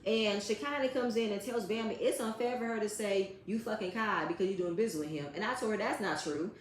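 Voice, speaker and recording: A woman's voice: medium pitch, fairly quick, slight background noise. A woman giving a blunt, profane recap of a reality TV episode, talking straight at the cast members. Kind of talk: casual commentary recap. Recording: roomy echo.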